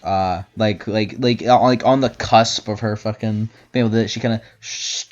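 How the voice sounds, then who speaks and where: A man narrating as game master in a tabletop game, talking haltingly with many fillers and restarts. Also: fairly low pitch, fairly even intonation. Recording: dull lo-fi audio with faint music.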